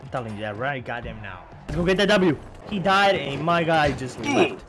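A man giving casual gameplay commentary, profane and excitable, trash-talking as he plays. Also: a little high, normal speed, a little hiss or hum. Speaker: gaming channel host. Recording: game music behind.

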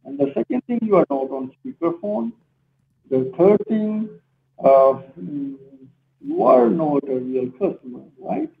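A man's voice: high-pitched, very animated, measured pace, gravelly. Aarzelende man over een krakerige telefoonlijn. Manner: hesitant, many fillers. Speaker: phone scammer posing as support. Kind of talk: phone call. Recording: tinny phone line with faint noise.

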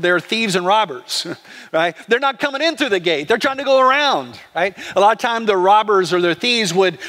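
High-voiced pastor preaching in a reverberant church. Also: male voice. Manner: conversational preaching, animated. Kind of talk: sermon. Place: church sanctuary.

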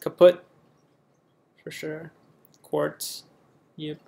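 A man's voice: fairly high pitch, level tone, drawn-out words, gravelly, a little mellow. A young man from the United States casually reading a word list aloud and reacting offhandedly in a vlog. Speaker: vlogger.

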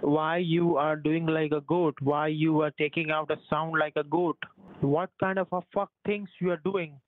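Curt man shouting over a tinny phone line. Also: a little high, steady tone, moderate pace, dry recording. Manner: curt, commanding, threatens to hang up. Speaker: phone scammer. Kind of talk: angry phone call.

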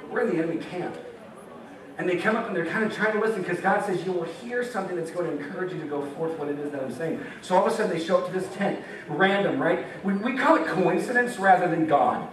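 A man's voice: high voice, fast talker, hardly any pauses, crowd noise. A young American man preaching a campus sermon, playful and joking, laughing often and acting out voices. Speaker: campus ministry speaker. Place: meeting hall with audience. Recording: echoey hall, mic far off, audience.

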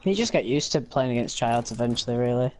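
A man with a worn-out voice, chatting calmly while playing a shooter game. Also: medium pitch, fast talker, a little hiss or hum. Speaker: gamer. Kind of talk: gameplay chat.

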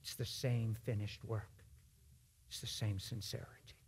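A man preaching a sermon in a church, folksy and emphatic, swinging from loud exhortation to hushed asides. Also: lowish voice, flat delivery, measured pace, a little hiss or hum.

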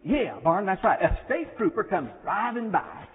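A man's voice: sits high, big pitch swings, normal speed. A man doing a folksy Southern sheriff. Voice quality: folksy drawl. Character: easygoing Southern small-town sheriff man, folksy storyteller. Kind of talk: comic chapel skit. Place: chapel. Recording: tinny echoey chapel recording.

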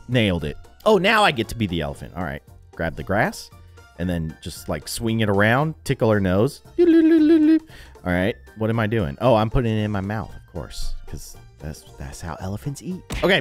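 A man's voice: lowish voice, fairly quick, faint music behind. A young man giving playful, goofy commentary on a video game he is playing, laughing often. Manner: goofy, laughing, animated reactions. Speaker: gaming YouTuber.

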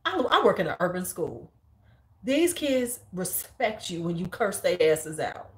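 Blunt, animated Chicago woman telling stories. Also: unhurried. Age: 40s. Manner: animated, blunt and profane, acts out quotes in a high squeal. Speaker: high school teacher and beauty vlogger. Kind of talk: casual storytelling chat.

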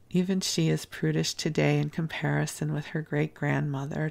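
A woman's voice: low voice, gravelly. A woman reading as a kindly proper matron. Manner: gentle, soft-spoken reading.

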